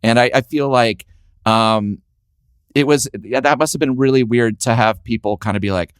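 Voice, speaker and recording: A man's voice: medium pitch, normal speed, smooth, no room sound, clean studio sound. A man hosting a casual interview chat, recalling shows with a fan's enthusiasm. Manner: enthusiastic fan, chatty recollections. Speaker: podcast host.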